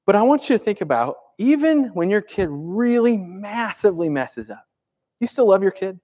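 A man's voice: high voice, very animated, moderate pace, warm tone. A man in his thirties preaching a sermon in a conversational way, asking the congregation rhetorical questions. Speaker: pastor.

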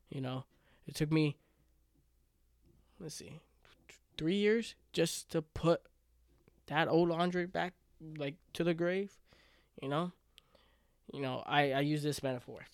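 A man in his twenties, voice on the high side, hosts a podcast by himself in clean studio sound without room noise. He rambles with frequent restarts, earnest and emotional, his voice catching now and then.

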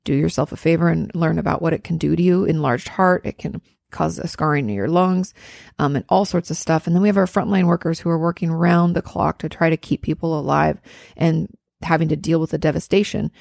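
Earnest woman with a gravelly low voice. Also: fairly even intonation, fairly quick, dry recording, studio quality. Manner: warm reassuring, earnest, swears casually. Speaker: therapist answering a listener. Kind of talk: advice podcast.

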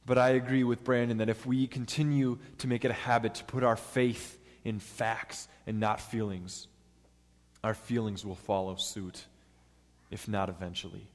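Male preacher, lower voice, earnest and methodical sermon delivery, long reverb of a church hall. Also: level tone, normal speed. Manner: earnest, step-by-step teaching with acted-out quotes.

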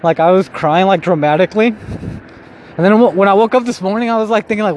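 A young vlogger with a high-sitting, slightly mellow voice talks briskly as he walks a city street. He rambles casually, makes fun of himself, swears a lot, and laughs at his own expense, while faint street noise carries in the background.

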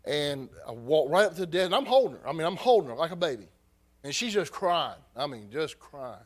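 A man, a missionary preacher giving an emotional personal testimony, halting and repeating his words. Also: fairly high pitch, big pitch swings.

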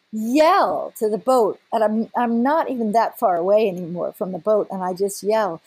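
An older woman, a scientist, animatedly recounting a personal story in an interview with a husky voice. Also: on the high side, moderate pace, hardly any pauses, no echo. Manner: animated, breaks into laughter and restarts. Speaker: scientist guest.

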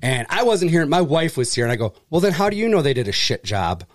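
Animated man telling a swearing-filled story. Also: fast. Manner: animated, acts out quoted people with pitch jumps, swears freely. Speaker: furniture delivery and service worker. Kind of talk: casual storytelling chat.

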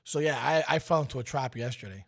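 A man's voice: medium pitch, animated, quick pace. A man in his fifties, a co-host telling rambling stories in a wry, joking way before a sports rundown. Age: 50s. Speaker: radio show co-host. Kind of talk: casual chat and sports rundown.

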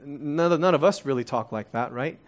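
A man's voice: a little high, brisk. Conversational man preaching a sermon. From Korea. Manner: conversational, rhetorical questions, fillers like "like" and "right". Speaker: pastor.

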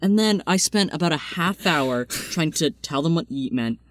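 A teenage boy chatting casually and animatedly about his family, slipping into higher voices when he quotes them. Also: normal speed, dry recording, studio quality. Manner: animated, mimics relatives in higher voice. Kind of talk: casual chat.

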